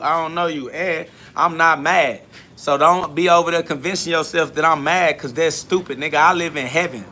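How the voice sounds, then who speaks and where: Blunt, profane man with a bright voice. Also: a little high, slight background noise. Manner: blunt, profane, confrontational, repeats catchphrases. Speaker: podcast host. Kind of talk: solo spiritual podcast monologue answering comments.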